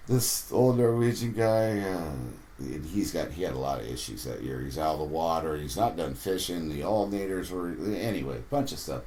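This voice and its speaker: A fishing captain telling rambling, animated stories in a podcast interview. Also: male voice, deep voice, a little hiss or hum.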